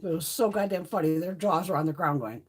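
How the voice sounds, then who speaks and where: A woman's voice: lowish voice, fast talker, slight background noise. A woman hosting a casual livestream chat, swearing freely and laughing through her stories. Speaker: livestream host.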